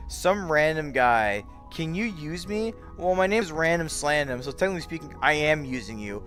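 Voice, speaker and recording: A man's voice: fairly high pitch, lively intonation, measured pace, soft background music. A tired young man chatting casually on a late-night livestream, yawning and rambling as he greets his chat by name. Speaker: VR streamer.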